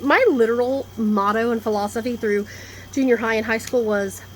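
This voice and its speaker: A woman with a somewhat high voice rambles through a casual vlog monologue. She is blunt and swears freely, hopping from one topic to the next. Faint room ambience sits under her voice. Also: normal speed, a little hiss or hum. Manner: blunt, profane, animated, jumps between topics. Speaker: vlogger. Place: indoors, storm coming in outside.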